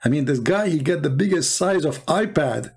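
A man giving sarcastic reaction commentary on videos, mocking and chuckling, in broken English, his voice going hoarse. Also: fairly high pitch, lively intonation, moderate pace. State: losing his voice.

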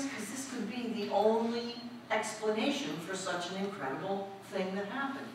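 A woman preacher giving a lively storytelling sermon, asking the congregation questions as she goes. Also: a little high, moderate pace, hardly any pauses. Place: church. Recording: echoey hall, distant mic, faint noise.

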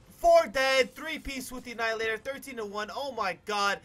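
A young man commentating his own gameplay, cocky and hyped, swearing and yelling out suddenly. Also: very high voice, normal speed, few pauses, slight background noise. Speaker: gaming YouTuber.

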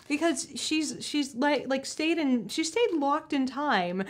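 A woman in casual onstage conversation, animated and profane, often acting out quotes in mocking voices. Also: high-pitched, a little slow, few pauses. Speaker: panel guest.

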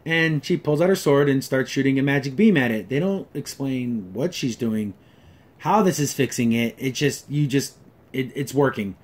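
A man's voice: mid-range voice, moderate pace. A man hosting a casual episode review, ranting sarcastically and exasperatedly, full of fillers and restarts. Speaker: show reviewer.

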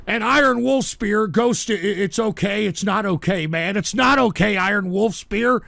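A ranting man with a high, gravelly voice that cuts through with a sharp, bright edge. He swears constantly and yells at his chat between weary grumbling, recorded very dry and close. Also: moderate pace, few pauses, no room sound. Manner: angry profane ranting, shouting at chat. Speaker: livestream radio show host. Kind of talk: ranting livestream talk reading chat.

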